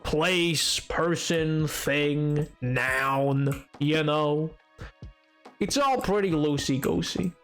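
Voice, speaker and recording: High-voiced man chatting on a game stream. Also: very slow, fairly bright tone, faint music behind. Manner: rambling and playful, stumbling over restarts while reading chat. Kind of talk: casual live-stream chat while gaming.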